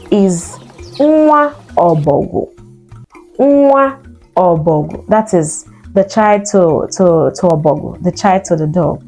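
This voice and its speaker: A woman, an Igbo speaker, teaching vocabulary and slowly repeating each word for learners to copy. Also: on the low side, dark tone. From Nigeria. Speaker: language teacher. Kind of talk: vocabulary lesson.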